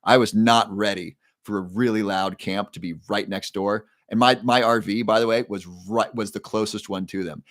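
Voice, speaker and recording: A man's voice: on the low side, steady tone, normal speed, hardly any pauses, a bit bright, dry recording, clean studio sound. A man hosting a casual livestream, telling a story in a chatty way and repeating key phrases. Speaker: livestream host.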